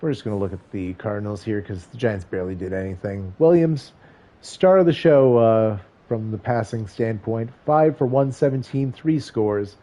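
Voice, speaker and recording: A man's voice: on the low side, normal speed, mellow, muffled recording. A man streaming a football video game, giving casual play-by-play with wry, joking asides between stat rundowns.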